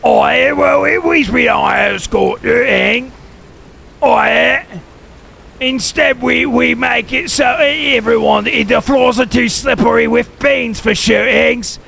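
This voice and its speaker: A man voicing a rowdy young London street lad in a mock London accent, loud and taunting. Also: very high-pitched, slow, vocal fry, slight background noise, voice pushed up, heavily acted.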